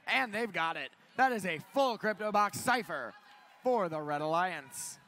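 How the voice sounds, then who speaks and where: Guy calling a robot match live, high voice, keeps jumping up when stuff happens. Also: unhurried. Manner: excited play-by-play, climbs in pitch at big moments. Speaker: match commentator.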